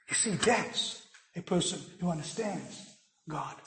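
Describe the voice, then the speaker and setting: A man preaching a sermon, earnest, swinging from loud emphasis to hushed tones. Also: high voice, lively intonation, unhurried, creaky, roomy sound. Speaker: pastor. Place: church.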